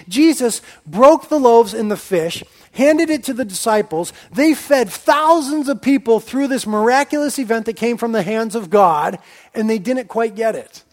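A man preaching a sermon with a voice pitched higher than most men's. He explains patiently and reflectively. He often drops into a quieter, softer register to make a point. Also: animated, normal speed.

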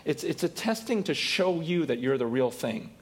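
A man's voice: fairly high pitch, expressive, normal speed, slightly rough. A man preaching a sermon in a conversational way, often repeating and restarting words as he explains. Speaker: pastor.

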